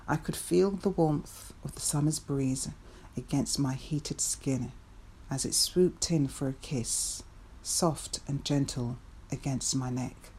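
A woman reading her own first-person memoir in a reflective, measured storytelling manner. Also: low voice, a little mellow, a little hiss or hum.

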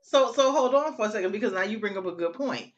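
A woman's voice: medium pitch, animated, fast, lo-fi sound. A woman hosting a casual talk. She speaks earnestly and with emphasis, thinking aloud as she builds toward her point. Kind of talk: casual chat.

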